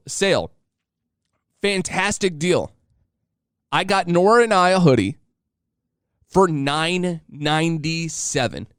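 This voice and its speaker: A man in his thirties spins a casual, joking story to his listeners, now and then slipping into voices. His voice is smooth and sits a little high for a man, recorded dry and close. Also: lively intonation, slow, pauses often, fairly bright tone, no room sound. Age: 30s. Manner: chatty and joking, acting out voices. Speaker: podcast host.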